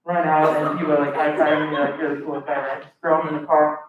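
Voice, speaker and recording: A man's voice: a little high, level tone, fast talker. A young man doing a stand-up set as a student comic, telling a long rambling story and acting out the people in it. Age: young adult. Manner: acts out quoted voices, rambling and self-correcting. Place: live comedy stage. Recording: echoey muffled room recording from far off, noisy.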